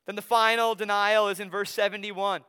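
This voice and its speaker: Bright high-voiced preacher from the Upper Midwest. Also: male voice, little pitch movement, normal speed, clear, resonant tone. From Wisconsin. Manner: conversational preaching with acted quotes, drops soft for emphasis. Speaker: pastor. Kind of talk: sermon. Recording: long hall reverb.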